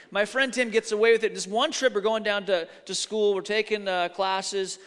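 A man's voice: high voice, fairly even intonation, moderate pace, few pauses, fairly bright tone, clear, resonant tone. A middle-aged male pastor delivering a sermon in a church sanctuary, telling stories animatedly and acting out the quotes. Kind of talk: sermon with storytelling. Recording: long hall reverb.

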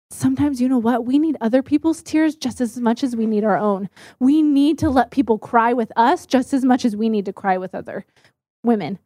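A young woman with a fairly high voice tells personal stories in a candid, animated way, full of fillers and restarts. The sound is close and dry, with no room echo. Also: fairly quick. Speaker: speaker telling personal stories to an audience. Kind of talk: personal storytelling talk.

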